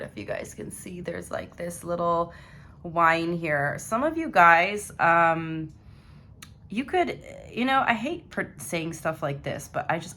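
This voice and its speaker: A young woman with a lowish voice gives a casual tarot reading to camera. She is chatty and rambling, talking straight to her viewers. A faint hiss sits under her voice. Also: a bit bright. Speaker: tarot reader.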